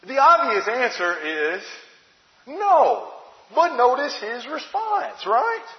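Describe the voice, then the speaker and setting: Male preacher, high lively voice, conversational sermon, rhetorical questions, echoey hall, muffled sound.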